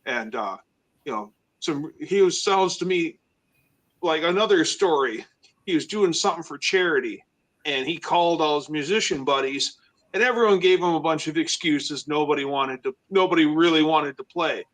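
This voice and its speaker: Male stream host, higher voice, loose rambling storyteller. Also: moderate pace, fairly bright tone. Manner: rambling storyteller, acts out quotes. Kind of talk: casual live-stream chat.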